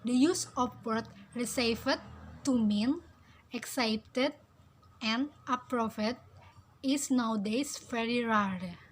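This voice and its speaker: Slow, high-voiced young woman reading answers. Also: slight background noise, poor audio. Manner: careful, halting reading with fillers. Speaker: student. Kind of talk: reading exam answers aloud.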